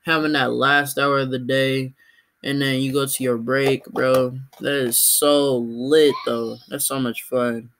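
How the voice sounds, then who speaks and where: A young man hosting a video, giving casual reaction commentary in slangy, excitable chatter. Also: mid-range voice, slow pace. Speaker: video host reacting to animations.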